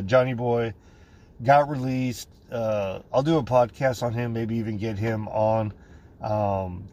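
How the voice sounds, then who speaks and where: A man's voice: mid-range voice, darkish tone. A man hosting a podcast, telling a story in a casual, profane way and acting out other people's voices. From United States. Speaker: podcast host.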